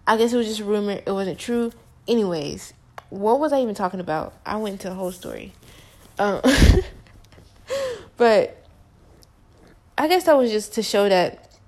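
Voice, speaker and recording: A woman's voice: mid-range voice, very animated, moderate pace, pauses often, darkish tone. A young woman telling a personal story to the camera in a casual, slangy, emphatic way. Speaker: vlogger.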